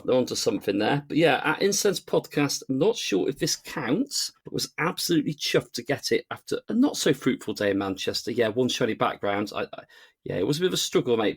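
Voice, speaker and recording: A man's voice: mid-range voice, husky. A man co-hosting a casual podcast, chatty and jokey. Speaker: podcast co-host. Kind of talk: casual chat.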